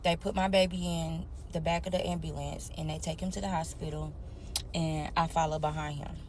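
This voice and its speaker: Woman, young adult, candid storytime, slightly low voice, faint hiss behind. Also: steady tone, fairly quick. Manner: candid, addresses listeners as y'all. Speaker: storyteller sharing her life. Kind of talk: emotional personal storytime.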